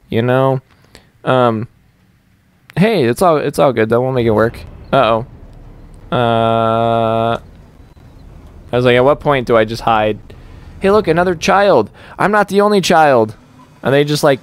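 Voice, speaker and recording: A man's voice: medium pitch, clear, resonant tone, dry recording. Giggly, rambling young gamer man. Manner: rambling, giggly, thinks aloud. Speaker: gaming YouTuber. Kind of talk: let's play commentary.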